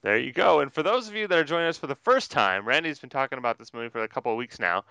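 A man hosts a podcast with a bright, clear voice that swings up and down. He jokes with an upbeat showman's flair, recorded dry and close on the mic. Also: medium pitch, expressive, racing, dry recording. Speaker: podcast host. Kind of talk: casual podcast chat.

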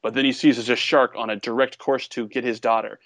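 A young man co-hosting a casual podcast, retelling a movie plot with lively, acted-out quotes. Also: mid-range voice, fairly quick, no room sound. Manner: animated storytelling, acts out quotes in a raised voice. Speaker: podcast co-host.

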